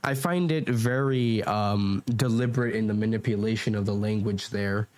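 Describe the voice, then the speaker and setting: Reacting to comments into a home desk mic, this commentary YouTuber rambles and argues, getting defensive, restarting often and using fillers. His voice is on the low side and a little mellow, at a moderate pace, with no room sound.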